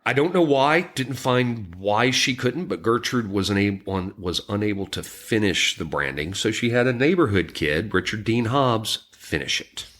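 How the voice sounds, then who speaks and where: A man co-hosting a podcast, recounting a true crime story in a somber, halting way, with frequent ums and restarts. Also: fairly low pitch, expressive, fairly bright tone. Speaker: podcast co-host.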